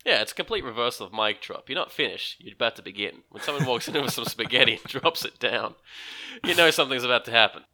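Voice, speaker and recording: A man's voice: medium pitch, expressive, fast, pushed and bright. A man co-hosting a podcast in casual chat, jokey and laughing often. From Australia.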